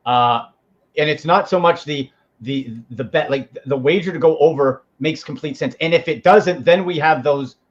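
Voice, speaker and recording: A man talking as a fantasy football analyst on sports radio, giving quick, emphatic takes with frequent restarts. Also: fairly high pitch, muffled recording.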